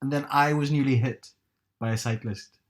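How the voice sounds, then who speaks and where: A man's voice: medium pitch, fairly even intonation, moderate pace. A man co-hosting a podcast, telling stories with hesitant ums and restarts. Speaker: podcast co-host. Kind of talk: casual chat.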